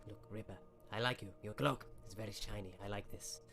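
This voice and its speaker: A man voicing an eccentric, guarded male wizard who talks in halting, oddly phrased speech. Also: on the low side, fairly even intonation, vocal fry, sharp tone, soft background music. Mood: firm.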